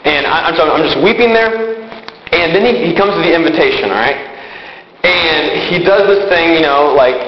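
A man's voice: fairly high pitch, lively intonation, slight background noise. Earnest young man preaching in echoey hall. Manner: earnest storytelling, quick asides with laughs. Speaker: youth speaker. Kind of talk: testimony sermon. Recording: echoey hall, slightly dull sound.

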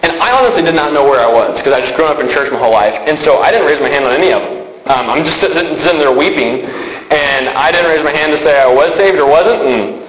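A young man giving an earnest testimony sermon as a youth speaker, telling his story with quick asides. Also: on the high side. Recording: echoey hall, slightly dull sound.

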